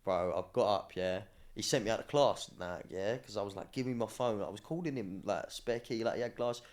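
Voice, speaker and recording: A young man, telling stories in a slangy, cheeky, animated way during a casual podcast chat. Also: on the low side, fairly quick. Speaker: podcast guest, former academy footballer.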